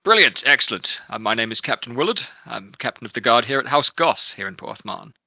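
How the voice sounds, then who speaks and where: A man's voice: mid-range voice, lively intonation, fairly quick, creaky, pushed and bright, no room sound, heavily acted. A man voicing a confident, imposing male captain of the guard who greets people heartily. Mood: hearty.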